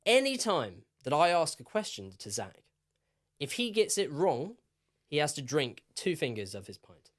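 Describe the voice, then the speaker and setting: A man's voice: on the high side, sing-song, moderate pace. A young man co-hosting a podcast in casual, rambling chat, teasing his friend. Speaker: podcast co-host.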